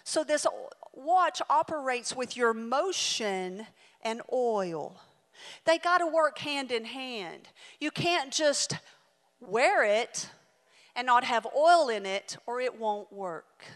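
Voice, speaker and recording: A woman in her forties preaching a sermon and telling a story, swinging dramatically between loud and hushed delivery. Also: a little high, expressive, slow pace. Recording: reverberant hall.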